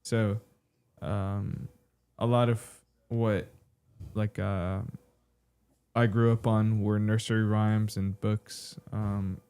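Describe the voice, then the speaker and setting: A young man answers questions as a guest on a talk show, with a mellow, smooth voice that stays flat in pitch. He is hesitant and fills his pauses with ums and likes.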